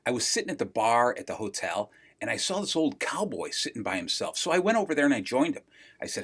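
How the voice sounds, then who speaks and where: A man, the show's regular joke teller, telling a long joke with animated storytelling. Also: mid-range voice, quick pace, breathy edge.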